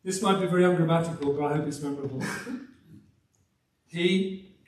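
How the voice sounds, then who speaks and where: An older English man from the West Midlands preaching a sermon, with a softened accent and a folksy, emphatic manner and little chuckles. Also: a little high, steady tone, a little fast, slight background noise. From Black Country, West Midlands of England. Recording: roomy, from some distance.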